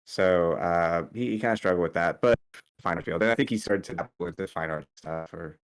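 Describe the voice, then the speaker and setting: A man talking as a guest artist in a casual interview over a call, halting with many fillers and restarts. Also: low-pitched, smooth. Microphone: remote call audio.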